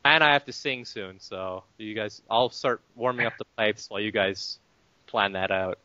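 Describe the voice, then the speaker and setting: A man's voice: fairly low pitch, moderate pace, bright, forceful tone, no room sound, dull audio. A man co-hosting a casual sports podcast, joking and playful. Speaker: podcast co-host. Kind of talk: casual chat.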